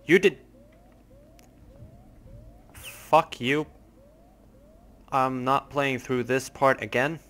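A man's voice: medium pitch, steady tone, extremely slow, pauses often, pushed and bright. A young man hosting a gaming channel, giving jumpy, nervous let's play commentary with lots of swearing.

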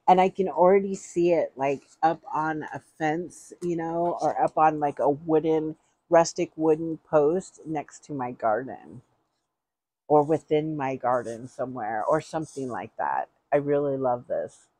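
A middle-aged woman vlogger talks through an unboxing in a chatty, gushing, rambling way. Her voice sits low and comes out husky. She takes her time, speaking at an unhurried pace. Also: warm tone, no room sound. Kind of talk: casual unboxing chat.

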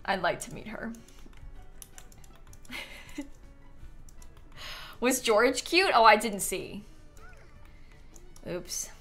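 A bright-voiced woman chats casually as she plays a game on stream, her pitch bouncing up and down. She giggles a lot and answers her chat, with faint music under her voice. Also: animated, extremely slow, pauses often. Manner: chatty, giggly, talks to chat. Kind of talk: casual gameplay commentary.

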